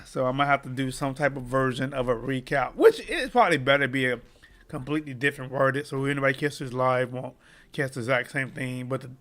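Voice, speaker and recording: A man's voice: medium pitch, fairly bright tone. Impassioned man live-streaming sports opinions. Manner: impassioned, talks straight to viewers. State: choking up. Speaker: sports commentary channel host. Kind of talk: casual live-stream commentary.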